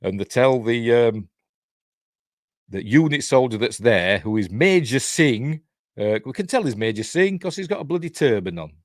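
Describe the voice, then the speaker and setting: In an animated, medium-pitched voice at a moderate pace, an older Yorkshire man reviews something as a casual watch-along on his channel, rambling and chuckling often. The sound is clean studio audio without any room sound.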